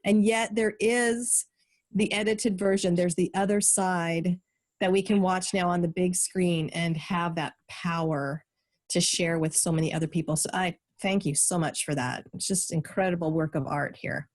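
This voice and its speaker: A woman hosting a podcast who asks her guest questions in an appreciative, gently prompting way. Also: fairly low pitch, fairly even intonation, moderate pace. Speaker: podcast host. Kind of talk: interview questions.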